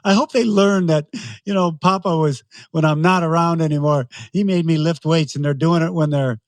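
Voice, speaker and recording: A man's voice: fairly high pitch, steady tone, moderate pace, no echo. A man in his sixties, a guest in an interview, telling stories animatedly and laughing often. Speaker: guest, race announcer. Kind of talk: casual interview storytelling.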